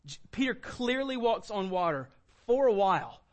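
High-voiced animated male preacher. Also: normal speed. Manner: animated preaching, acts out quoted lines with sudden high bursts. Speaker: pastor. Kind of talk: sermon.

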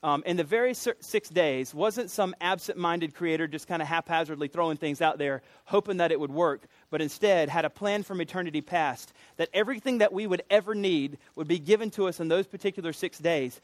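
Pastor, male, relaxed conversational sermon delivery with light humor; higher-pitched voice. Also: brisk, hardly any pauses, dry recording. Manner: casual, jokey conversational preaching.

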